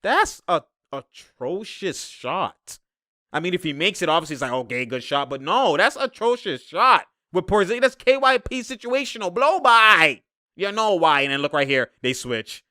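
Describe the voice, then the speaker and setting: A man doing casual, slangy basketball film breakdown, laughing often and shouting at the players on screen. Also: fairly high pitch, big pitch swings, a little fast, hardly any pauses, no echo, studio quality. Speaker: sports commentator breaking down game film. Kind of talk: casual game breakdown commentary.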